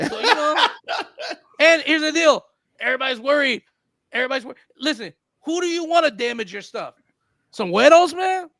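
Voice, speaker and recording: A man's voice: very high-pitched, lively intonation, a little fast, vocal fry, a bit bright, dry recording, clean studio sound, voice pushed up, heavily acted. A male radio host voicing a brash, cocky Mexican Navy captain with a Mexican accent, bragging in swaggering slang. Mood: boastful. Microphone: studio microphone.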